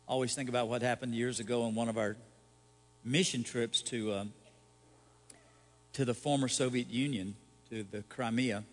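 A man's voice: medium pitch, fairly even intonation, moderate pace, pauses often. Male pastor preaching in a reverberant hall. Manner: conversational preaching with rhetorical questions and light humor. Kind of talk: sermon.

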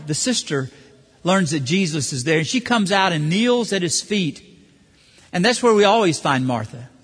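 A man preaching a sermon, animated, acting out the voices of the people he quotes. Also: fairly high pitch, slightly rough. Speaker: pastor. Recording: hall reverb.

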